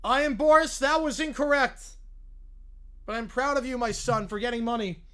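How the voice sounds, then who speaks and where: A pompous cartoon father who keeps formally announcing himself in a loud, stiff voice, as a man puts him on. He sounds stern and self-important. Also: extremely high pitch, moderate pace, pitched above the performer's own voice. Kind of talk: reading a fan script aloud with voices.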